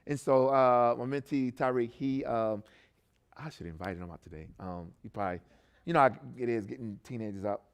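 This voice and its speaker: A man's voice: medium pitch, fairly quick, clean tone. A man who coaches a youth ministry, giving a sermon testimony in a conversational way, full of restarts and tag questions. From not from Baltimore. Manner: conversational, many fillers and restarts, frequent "right?".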